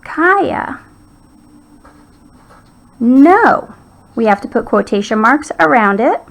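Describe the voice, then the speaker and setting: A woman's voice: a little high, lively intonation, fairly quick, gravelly, a bit bright, low-quality recording. A woman teacher patiently walking young children through a writing lesson.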